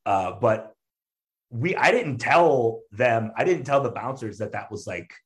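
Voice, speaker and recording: A man spins a story in relaxed conversation, loose and chatty, with plenty of fillers and restarts. He laughs along as he goes and acts out the voices of the people in it. His voice sits at an ordinary middle pitch. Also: measured pace. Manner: animated storyteller, acts out quotes, laughs often. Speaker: stand-up comedian guest. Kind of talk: casual storytelling chat.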